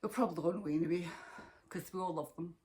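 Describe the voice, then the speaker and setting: A woman's voice: lowish voice, fast talker, a little mellow, a little hiss or hum. A Scottish woman hosting a knitting podcast, chatting casually to camera in a rambling way and laughing often.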